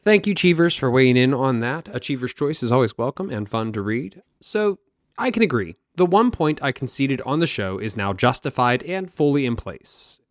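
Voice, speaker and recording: A man's voice: medium pitch, expressive, normal speed, dry recording, clean studio sound. A man hosting a history podcast on his own, wry and self-mocking and swearing freely. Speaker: podcast host. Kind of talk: solo history podcast monologue.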